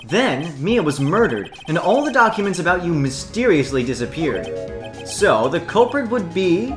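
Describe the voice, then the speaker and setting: An earnest young defense lawyer, voiced by a man during a game playthrough, direct and pressing, with a lively, rising and falling delivery. The voice has a roomy echo, with game music playing underneath. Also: fairly high pitch, measured pace. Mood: accusing. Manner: earnest, accusing. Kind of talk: fan voicing of a game playthrough.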